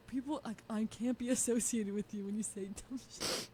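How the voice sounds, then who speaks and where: A young woman casually telling a story on stream, giggling often and quoting people in lively voices. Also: a little high, brisk, a little hiss or hum. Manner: chatty, giggly, quotes people in animated voices.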